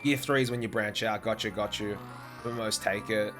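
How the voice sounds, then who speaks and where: A man's voice: fairly low pitch, steady tone, normal speed, over music. Young male streamer; casual, profane, rambling chat while playing. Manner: swears often, rambling anecdotes with fillers. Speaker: speedrunner streaming and chatting.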